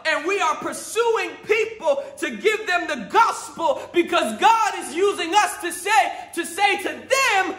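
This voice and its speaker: A male pastor preaching a sermon, often shouting with emphasis, laughing between points, and asking himself questions. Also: extremely high pitch, expressive, slow, echoey room. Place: church sanctuary.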